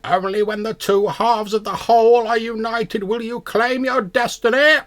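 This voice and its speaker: A man's voice: very high voice, steady tone, normal speed, a bit bright, voice pushed up. A man voicing a raven that speaks a solemn, cryptic prophecy. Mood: prophetic.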